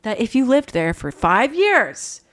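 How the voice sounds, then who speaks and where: A woman's voice: fairly high pitch, sing-song, a little slow, fairly bright tone. A woman in her thirties chatting on a podcast, teasing and rambling with many restarts. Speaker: podcast co-host. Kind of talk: casual chat.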